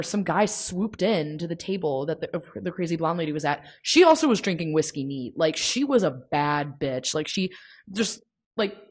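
A young woman hosting a casual solo podcast, chatting in a rambling way with many fillers. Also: on the low side. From United States. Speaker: podcast host.

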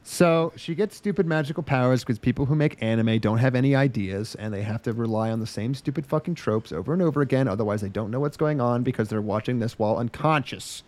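A man's voice: mid-range voice, fast, hardly any pauses, darkish tone. A man hosting a casual podcast, recapping with sarcastic, profane rants and mocking put-on voices. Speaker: podcast host.

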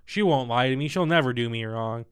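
A young man in his twenties telling a personal story in casual, profane, animated talk. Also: medium pitch, a little fast, smooth. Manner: candid, profane, animated retelling.

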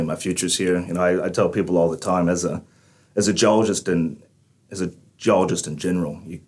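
A man's voice: deep voice, darkish tone. A man in his forties from Texas with a Texan accent, chatting easily as a guest in a podcast interview. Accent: Texan with a slight Irish-like lilt. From Texas, USA. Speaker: mining company managing director, guest.

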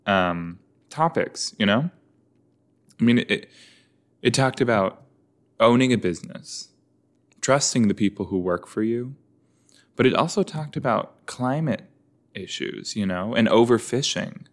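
A man's voice: medium pitch, animated, measured pace, long pauses. A man chatting casually and joking as he reacts to a show, with many fillers. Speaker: reaction video host.

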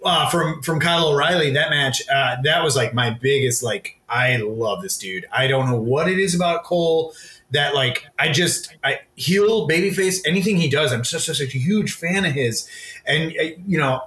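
A man with a bright, forceful voice talking as a podcast co-host, loose and giggly with enthusiasm. The sound carries a roomy echo. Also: on the high side, moderate pace. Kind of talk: casual chat.

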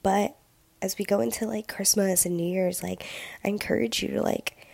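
A woman's voice: steady tone, normal speed, vocal fry, a little mellow, dry recording. A young adult woman hosting a solo podcast, speaking earnestly and reflectively with a sick voice and many ums. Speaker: podcast host. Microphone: home podcast mic with difficulties. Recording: dry, close, low-quality audio.

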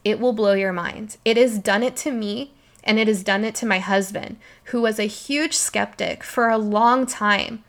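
A woman's voice: mid-range voice, fairly even intonation, moderate pace. A young woman hosting a solo podcast, talking in an emphatic, emotional way and swearing freely. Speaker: podcast host. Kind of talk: passionate solo podcast talk.

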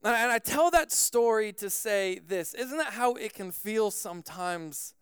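Man, pastor, sermon storytelling, high voice, dry close sound, animated, filler-heavy. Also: a little slow, smooth, no room sound.

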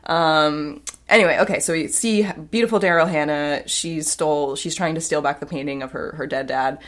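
A woman's voice: sits low, moderate pace. A woman co-hosting a podcast, casually recapping a film in a rambling way with many fillers and restarts. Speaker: podcast co-host.

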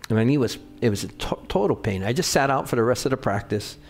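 A man's voice: medium pitch, lively intonation, quick pace. Conversational male pastor preaching. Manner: conversational, often checks in with the congregation. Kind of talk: sermon with personal storytelling.

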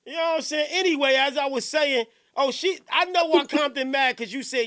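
Male podcast host, very high and bright voice, rowdy, laughs and shouts a lot. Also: a little fast, few pauses. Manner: excitable, laughs and shouts, keeps saying hold on. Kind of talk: rowdy live podcast chat.

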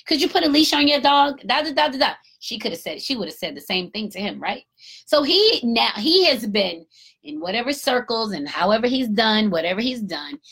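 A woman giving an emphatic, animated casual commentary, a parent talking in her own voice. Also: fairly high pitch, husky. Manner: emphatic, animated storytelling with acted-out quotes.

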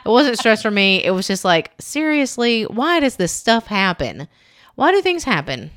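A woman's voice: medium pitch, sing-song, normal speed, a bit bright, no echo, studio quality. A woman in her thirties co-hosting a casual podcast, rambling and self-deprecating and laughing often. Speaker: podcast co-host. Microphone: studio podcast mic.

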